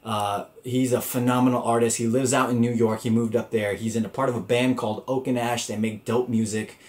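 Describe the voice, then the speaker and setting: A man's voice: medium pitch, level tone, brisk. A young man hosting a podcast, telling a rambling, profane story in casual chat. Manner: rambling, profane, laid-back. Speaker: podcast host.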